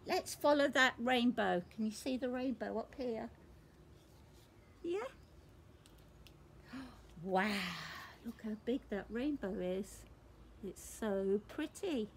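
Nursery lady reading a kids picture book, slow and sing-songy, bit of a hum behind. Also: on the high side, lively intonation. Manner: warm, sing-song, asks children questions. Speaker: nursery staff reading to children. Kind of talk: storybook read-aloud for young children.

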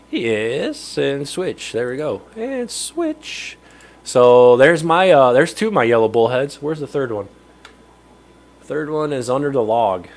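A chatty middle-aged man hosts a relaxed livestream from his home fishroom. He rambles through viewer messages and laughs easily. His pitch sits squarely in the ordinary middle range. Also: a little hiss or hum. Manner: rambling and chatty, answering viewer chat and chuckling. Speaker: livestream host. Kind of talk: casual livestream chat.

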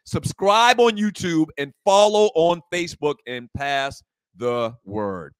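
A man's voice: fairly high pitch, lively intonation, takes it slowly, clean tone, no echo. A man co-hosting a casual talk show from a bar, joking and reading sponsor promos and chat messages. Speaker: co-host.

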